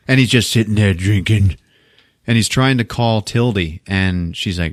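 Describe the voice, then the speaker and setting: A man hosting a podcast, casually recapping a movie as an animated storyteller who laughs often and swears freely. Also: fairly low pitch, normal speed, dry recording, clean studio sound. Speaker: podcast host.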